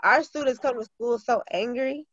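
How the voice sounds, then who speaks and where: A woman's voice: a little high, normal speed, fairly bright tone, dry recording, lo-fi sound. A woman teacher and author talking earnestly in an interview, with many fillers and restarts. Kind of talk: casual interview talk.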